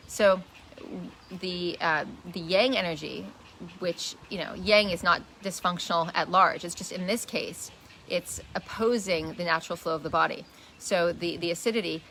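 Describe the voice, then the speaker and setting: A woman explains a wellness lesson with a lowish, gravelly voice that has a bright, forceful edge. She talks earnestly, often stopping to restart or repeat a word. A faint background noise sits behind her. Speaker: wellness teacher. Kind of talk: casual live teaching talk. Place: indoors, shifting light.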